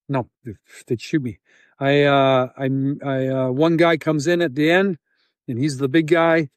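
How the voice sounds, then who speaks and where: A Canadian man telling a story in an interview, acting out scenes with sound effects and halting restarts. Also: fairly high pitch, no echo. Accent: Canadian English. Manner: animated, acts out scenes with sound effects and quoted voices. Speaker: interview guest, volunteer.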